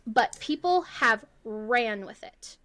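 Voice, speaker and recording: A woman in her thirties co-hosts a casual podcast chat, her voice sitting a little high. She talks bluntly and with emphasis, hammering her points home. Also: animated, slow, sharp tone. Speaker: podcast co-host.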